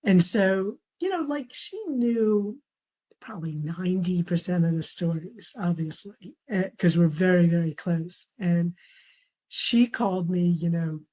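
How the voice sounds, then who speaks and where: A middle-aged woman speaks as an interview guest, a memoir author recounting her family's reactions. Her voice is dark and mellow. She tells stories warmly, laughing as she quotes relatives. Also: fairly low pitch, measured pace, rough recording. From raised in a traditional Chinese family. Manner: warm storytelling, quotes family members, laughs often. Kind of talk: conversational interview.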